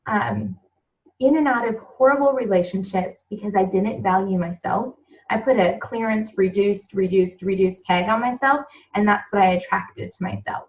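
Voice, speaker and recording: A woman's voice: mid-range voice, darkish tone, far from the mic, low-quality recording. A woman in her thirties giving an emotional, earnest motivational talk to new team members on a group call.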